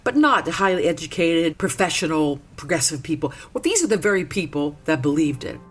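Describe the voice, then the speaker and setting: 60s woman, kinda low voice, telling her story earnest n emphatic, soft music under it. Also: very animated, fairly quick. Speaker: interviewee. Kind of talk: personal testimony in conversation.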